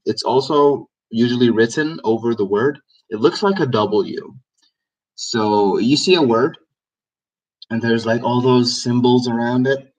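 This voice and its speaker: Man teaching, low voice, far off. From Egypt. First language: Egyptian Arabic. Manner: explanatory, repeats words for emphasis. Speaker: language teacher. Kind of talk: casual live Q&A lesson.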